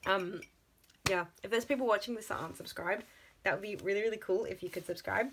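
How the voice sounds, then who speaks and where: A woman, chatting excitedly in a casual budgeting vlog, full of gasps and exclamations. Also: mid-range voice, quick pace, a little hiss or hum, low-quality recording. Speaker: budgeting vlogger.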